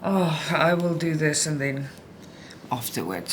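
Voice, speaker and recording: A middle-aged woman vlogging about cross-stitch at home, upset and frustrated, venting in a halting way with many restarts. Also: low-pitched, lively intonation, background noise. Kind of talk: casual chat while stitching.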